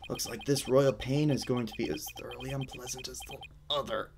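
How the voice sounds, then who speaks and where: A man's voice: mid-range voice, fairly even intonation, fairly quick, vocal fry, close to an everyday voice. A man voicing a young male defense lawyer with dry, sarcastic delivery. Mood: sardonic. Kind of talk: reading a game script aloud.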